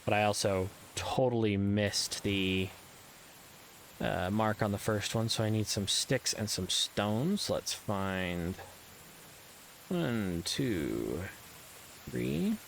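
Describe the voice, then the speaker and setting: A man's voice: lowish voice, takes it slowly, slight background noise, rough recording. A man giving casual, rambling commentary while playing a video game, with frequent ums and uhs and self-deprecating asides. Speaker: let's play gamer.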